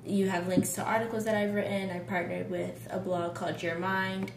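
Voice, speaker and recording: A woman's voice: fairly low pitch, level tone, normal speed, creaky. Chill woman guest on a podcast, echoey room, slight background hiss. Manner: easygoing, brief agreeing replies. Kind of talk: casual podcast conversation.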